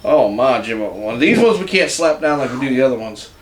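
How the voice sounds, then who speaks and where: A man's voice: mid-range voice, sing-song, a little fast. A man co-hosting a casual unboxing chat, trading laid-back jokes with his partner. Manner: joking, laid-back banter. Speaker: co-host unboxing products. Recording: echoey room, far from mic, background noise.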